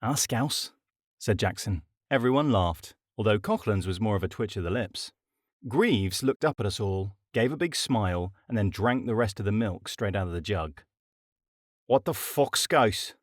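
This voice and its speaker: Wry male audiobook narrator, low voice. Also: expressive, normal speed, dry recording, studio quality. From Britain. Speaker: author and narrator.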